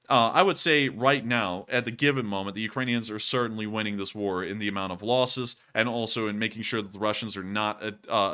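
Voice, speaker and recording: Bright-toned tired male stream host. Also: on the low side. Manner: rambling, frequent fillers and thank-yous. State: exhausted. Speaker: livestream host. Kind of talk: livestream war news commentary.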